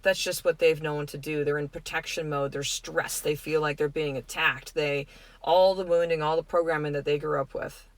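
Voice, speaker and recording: A middle-aged woman hosting a podcast, giving a gentle, earnest, reflective spiritual self-help talk. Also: low voice, steady tone, normal speed, no echo. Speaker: podcast host.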